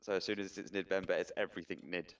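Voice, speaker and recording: A man's voice: low voice, flat delivery, fast. A man chatting casually on a stream in a laid-back, easygoing way. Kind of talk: casual chat. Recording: distant, dull-sounding mic.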